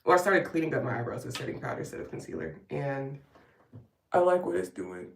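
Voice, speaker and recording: A woman's voice: very deep voice, big pitch swings, brisk, a little hiss or hum. A woman vlogger chatting casually while doing her makeup, rambling with wry asides. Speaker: vlogger doing a live get-ready stream. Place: at home getting ready. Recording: roomy sound from a distance.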